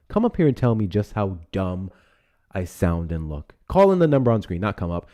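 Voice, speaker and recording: A man's voice: lowish voice, sing-song, a little fast, warm tone. A profane, teasing man hosting a livestream. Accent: Texan. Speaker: livestream host. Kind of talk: casual livestream talk.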